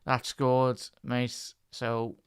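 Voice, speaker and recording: A man's voice: mid-range voice, completely flat delivery, extremely slow, clean tone. A man with a Scouse accent giving casual live match commentary on a stream, chatting to his viewers and calling them lad and chat. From Liverpool, England.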